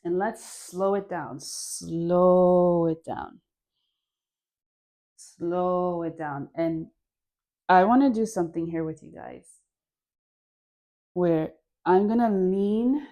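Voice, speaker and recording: Leading a dance class at home, a young woman chats and encourages the viewer as she moves, letting out soft sighs between cues. Her voice is mellow, relaxed and fairly low in pitch.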